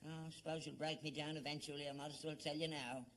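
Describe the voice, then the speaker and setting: A man's voice: on the high side, little pitch movement, quick pace, a bit bright, slight background noise. A man playing a gullible old father in a sitcom, with an earnest, put-upon manner. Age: older. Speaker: actor in sitcom. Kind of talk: 1970s sitcom acting.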